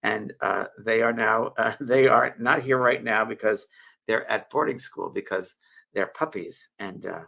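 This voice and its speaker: A man's voice: fairly low pitch, measured pace, creaky, bright, forceful tone. A man in his sixties, hosting a show and telling a heartfelt personal story in a rambling, emotional way with many restarts, speaking into a webcam. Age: 60s. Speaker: show host.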